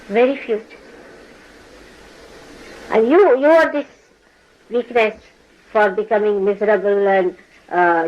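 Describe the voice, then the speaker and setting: A woman's voice: a little high, rough recording. A woman spiritual teacher lecturing her followers, chiding them, laughing often and mimicking people as she talks. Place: indoor ashram gathering.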